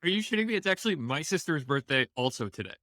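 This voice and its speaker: A man's voice: on the high side, big pitch swings, fast talker, sharp tone, no room sound, studio quality. A man co-hosting a podcast, trading wry, teasing banter. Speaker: podcast co-host. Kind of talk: casual chat.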